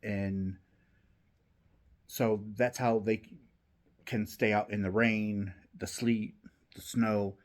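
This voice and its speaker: A man's voice: lowish voice, flat delivery, slow pace, long pauses. A man hosting a knitting channel, chatting casually from home while he knits, rambling with many restarts.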